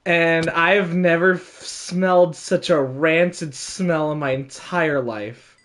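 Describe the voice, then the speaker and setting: A young man casually telling a story, animated, with frequent laughs and lots of fillers. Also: on the high side, slow.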